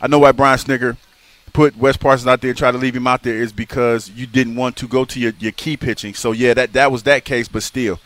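A man co-hosting a live sports radio show, telling stories in an animated way and often repeating and restarting phrases. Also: medium pitch, brisk, no echo. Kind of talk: casual sports radio banter. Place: live remote broadcast at a racetrack. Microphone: broadcast microphone.

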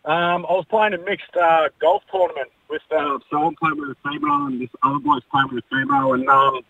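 A husky-voiced man phones in to a radio show, his voice coming through a tinny, phone-like line. He tells his story casually and hesitantly, stopping often for ums and uhs. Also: fairly high pitch, expressive, no room sound. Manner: hesitant, fills pauses with um and uh. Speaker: caller.

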